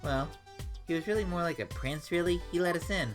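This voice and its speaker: A man reading a video game aloud and voicing an excitable teenage girl sidekick in a squeaky raised voice. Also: brisk, over music, lightly acted. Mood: bubbly.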